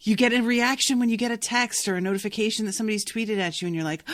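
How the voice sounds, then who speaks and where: A woman's voice: a little high, fairly even intonation, very fast, few pauses, no echo, studio quality. A young adult woman hosting a casual book-discussion podcast, talking in a chatty way and swearing freely. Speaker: podcast host.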